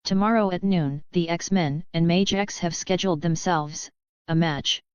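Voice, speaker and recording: A woman voicing a calm, dry-humored older male professor in a storybook reading, with a dry, slightly dull recording. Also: fairly low pitch, measured pace, smooth, no echo, natural voice.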